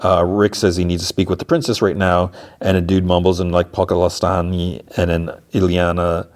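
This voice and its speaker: Low-voiced man recapping an episode. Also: level tone, brisk. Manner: rambling, filler-heavy storytelling. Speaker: podcast host.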